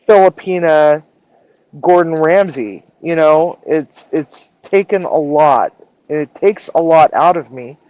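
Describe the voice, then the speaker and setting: A woman's voice: low voice, no room sound. Woman chef, casual live-stream storytelling, swears freely, dry dull sound. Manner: animated, acts out dialogue, swears freely. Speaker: chef and culinary director.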